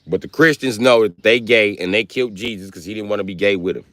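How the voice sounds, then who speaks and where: A man's voice: lowish voice, fast, no room sound. A man hosting a livestream, telling rambling, profane comedic stories. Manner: profane, rambling, lively storytelling. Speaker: livestream host.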